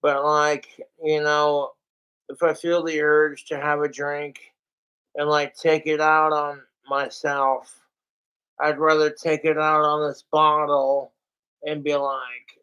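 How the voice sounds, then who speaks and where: A man's voice: on the high side, monotone, slow pace, bright, forceful tone, smooth, lo-fi sound. A young man livestreaming from home, rambling and swearing in a frustrated, casual monologue. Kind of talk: casual live-stream monologue.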